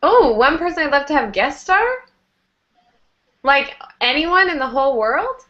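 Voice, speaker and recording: A woman's voice: sits high, lively intonation, unhurried, a bit bright. A woman from Canada, an actress in the series, talking in a bubbly, encouraging way during a video call interview. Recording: dull lo-fi call audio.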